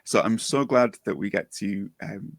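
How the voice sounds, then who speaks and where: Gravelly low-voiced male podcast host. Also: normal speed, no room sound. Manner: upbeat, jokey introductions. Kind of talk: casual podcast chat.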